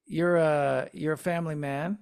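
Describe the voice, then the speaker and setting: A man hosting a podcast in casual chat, talking haltingly with many repeated words and fillers. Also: fairly high pitch, steady tone, creaky, a little mellow, smooth. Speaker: podcast host.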